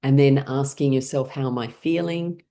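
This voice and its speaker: A woman's voice: rumbling low, normal speed, mellow. A woman teaching an online laughter class, guiding playful pretend scenes and breaking into frequent bursts of laughter. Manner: playful, leading imaginary scenarios.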